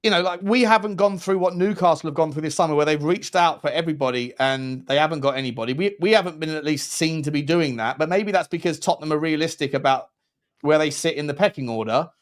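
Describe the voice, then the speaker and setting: A man's voice: fairly high pitch, fast. A man hosting a casual football watchalong, rambling and restarting his sentences. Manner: rambling, restarts phrases, chatty. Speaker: host.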